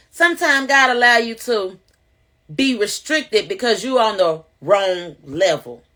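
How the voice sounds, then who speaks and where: Animated, bright-voiced woman giving testimony. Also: medium pitch. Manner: animated, preachy, addresses viewers directly. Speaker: vlogger sharing testimony. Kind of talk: casual spoken testimony to camera.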